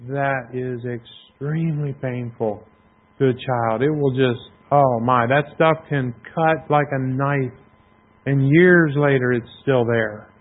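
A man preaching a sermon in a conversational, self-deprecating way, often clearing his throat. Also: mid-range voice, takes it slowly. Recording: tinny phone-like sound.

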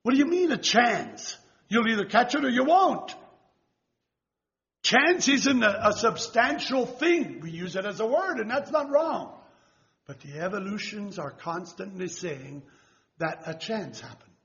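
An older man preaches a rambling sermon in a fairly high voice, searching for his words and checking that his listeners follow. The recording is dull and lo-fi, and the room echoes around him. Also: sing-song, a little slow, a bit bright. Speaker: lay preacher.

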